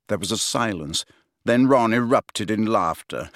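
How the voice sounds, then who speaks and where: A man reading a novel aloud as narrator, with expressive delivery. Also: on the low side, unhurried, dry recording, clean studio sound. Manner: expressive reading, many character voices. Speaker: audiobook narrator. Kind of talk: scripted narration.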